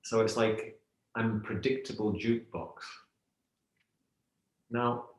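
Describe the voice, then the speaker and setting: Man, middle-aged, yoga teacher guest, reflective storytelling, roomy recording. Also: on the low side. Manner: thoughtful, storytelling with analogies. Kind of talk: reflective podcast talk. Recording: roomy echo.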